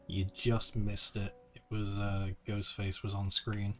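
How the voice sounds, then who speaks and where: Low-pitched male streamer, easygoing game commentary, casual swearing. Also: monotone, slow, soft background music. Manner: laid-back, swears and laughs often.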